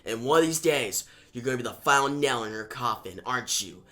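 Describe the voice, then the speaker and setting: A man voicing a grim, cold Batman, who speaks low and quiet, taunting. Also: animated, fairly quick.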